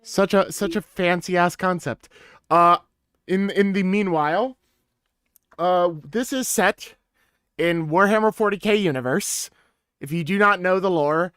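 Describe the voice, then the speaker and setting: Bright, clear-voiced man running the game. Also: sits high, dry recording, clean studio sound. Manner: joking, loose, quick asides. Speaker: game master. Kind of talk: casual game intro chat.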